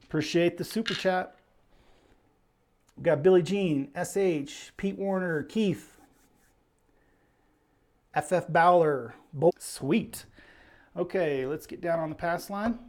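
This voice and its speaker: This man runs a casual live stream, narrating his gameplay and chatting, slightly breathless. His voice sits a little high, and he speaks slowly with long pauses, reading out viewers' names as he goes.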